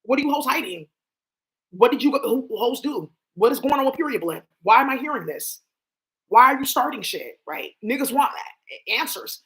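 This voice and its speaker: A woman hosting a tarot stream, talking in a blunt, profane, animated rant, often talking to herself. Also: sits high, normal speed. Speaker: tarot livestream host. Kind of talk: casual ranting monologue.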